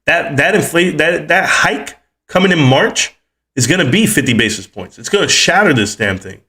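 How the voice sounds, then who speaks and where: A man's voice: on the high side, lively intonation, normal speed, pushed and bright. A man in his forties ranting heatedly on his livestream about the economy and stocks, cussing as he goes. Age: 40s. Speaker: livestream host.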